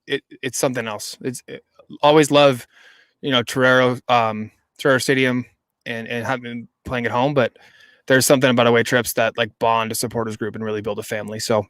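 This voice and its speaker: A man's voice: medium pitch, flat delivery, fairly quick, fairly bright tone, no echo. Male podcast co-host, casual and eager, rambling, dry close sound. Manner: enthusiastic, rambling with many restarts. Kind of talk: casual chat.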